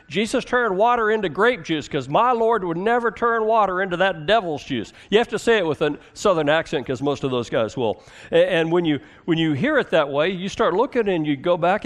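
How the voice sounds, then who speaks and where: A man preaching a sermon as a pastor, conversational, asking the congregation questions and moving between emphatic and hushed delivery. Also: on the high side.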